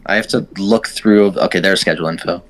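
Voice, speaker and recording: A man joining a casual group podcast, answering in a laid-back, low-key way. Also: fairly quick.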